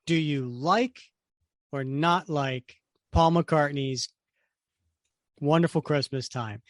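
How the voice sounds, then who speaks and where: A man's voice: on the high side, no room sound, studio quality. A middle-aged man co-hosting a podcast, chatting casually and animatedly, sometimes breaking into song and laughter. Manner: animated, sings snatches of songs and laughs. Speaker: podcast co-host. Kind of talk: casual chat.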